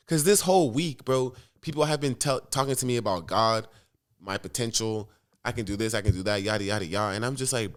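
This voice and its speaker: A man's voice: medium pitch, animated, fairly quick. A young man rambling through a personal story in a casual vlog, swearing often and jumping between thoughts. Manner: rambling, profane, restless storytelling. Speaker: vlogger.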